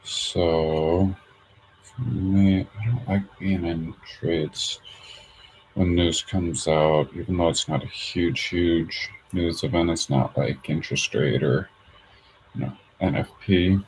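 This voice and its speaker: A man with a low, gravelly voice talks his way through live trading at an unhurried pace, hesitating often with fillers. A faint hiss of noise sits under the recording. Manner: hesitant, many fillers, thinks aloud. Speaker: day trader streaming his charts. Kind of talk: casual thinking-aloud commentary.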